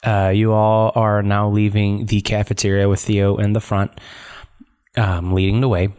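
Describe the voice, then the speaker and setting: A man's voice: on the low side, flat delivery, normal speed, a little mellow, clean tone. A man narrating a tabletop game as game master, rambling and giggly.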